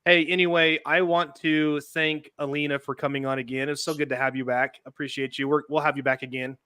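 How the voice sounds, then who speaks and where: A man's voice: fairly high pitch, level tone, fairly quick, pushed and bright, clean tone, dry recording. Dry-sounding chatty male podcast host. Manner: chatty, laughing asides, reads documents aloud. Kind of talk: casual podcast chat.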